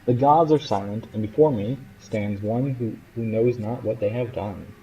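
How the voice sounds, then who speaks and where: A man's voice: lowish voice, normal speed, dark tone, lo-fi sound, close to an everyday voice. A man doing a hissing ancient serpent. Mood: ominous. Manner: stretches out every S into a hiss. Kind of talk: reading game dialogue aloud.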